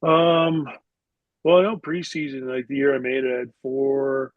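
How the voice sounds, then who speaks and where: A man's voice: medium pitch, flat delivery, unhurried, no room sound, narrow, tinny audio. Man from Canada, rambling casual storyteller, loose filler-heavy talk, dry close sound. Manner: rambling anecdotes full of "like" fillers. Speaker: podcast guest, former hockey player.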